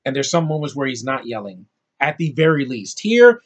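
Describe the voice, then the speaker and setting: A man's voice: mid-range voice, a little fast, slightly rough. A man giving a blunt, profane, rambling film review rant. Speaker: movie reviewer.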